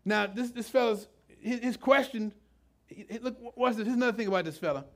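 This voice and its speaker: A middle-aged man preaches a sermon in a loose, conversational way. His voice sits fairly high, and he often stops, restarts, and drifts into asides. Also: a little fast, gravelly. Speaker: pastor.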